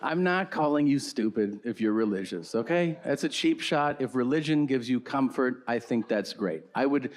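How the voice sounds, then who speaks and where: A man doing a stand-up routine, sarcastic and exasperated, his voice jumping high in mock outrage. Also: animated, normal speed, few pauses. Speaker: stand-up comedian. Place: comedy stage before a laughing audience. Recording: live show with clear crowd noise.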